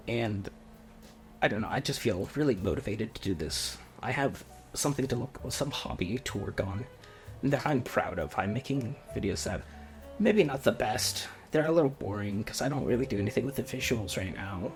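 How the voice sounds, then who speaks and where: A young man in his twenties talking quietly and off the cuff, with a monotone voice, often restarting his sentences. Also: lowish voice. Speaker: video essayist. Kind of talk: unscripted video essay. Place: home room with roommates nearby.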